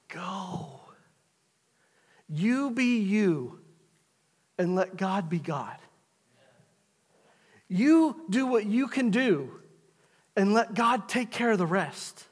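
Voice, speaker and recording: A middle-aged pastor preaches to his congregation, pressing his points home by repeating them. His voice sits high for a man. The sound rings with the long reverb of a church hall. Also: sing-song, very slow, long pauses, slightly rough. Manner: preaching, repetitive exhortations. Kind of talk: sermon. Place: church sanctuary.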